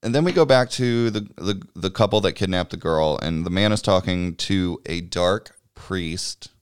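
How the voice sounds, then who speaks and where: Deep-voiced man rambling through a movie recap. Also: moderate pace, smooth, dry recording, clean studio sound. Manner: rambling and swears freely, chuckling while recapping. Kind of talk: casual movie recap chat.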